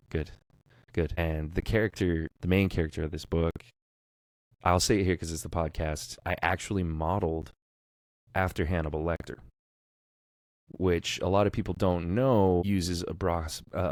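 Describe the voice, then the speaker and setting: An enthusiastic man co-hosts a relaxed podcast and talks eagerly about character work. His voice sits very low. It is recorded close and dry, with no room sound. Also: dry recording. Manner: enthusiastic, nerdy, talks fast when excited. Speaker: podcast co-host, audiobook narrator. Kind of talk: casual podcast chat.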